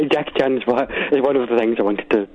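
A man's voice: mid-range voice, lively intonation. A man calling in to a radio phone-in, hesitant and polite, heard over a dull phone line. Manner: hesitant, polite, halting restarts. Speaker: caller. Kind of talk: phone-in chat.

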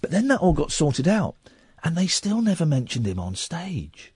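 An English man hosts a late-night call-in radio show. His voice sits high and swoops a lot as he chats and needles his callers. The studio sound is dry and close. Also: wildly swooping pitch, normal speed, darkish tone, breathy edge, no room sound. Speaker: radio host. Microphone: studio microphone.

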